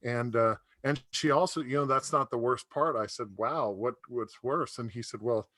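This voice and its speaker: A man's voice: mid-range voice, normal speed, a bit bright, dry recording. A middle-aged man doing a stand-up comedy set over a video call, telling rambling stories and laughing at his own jokes.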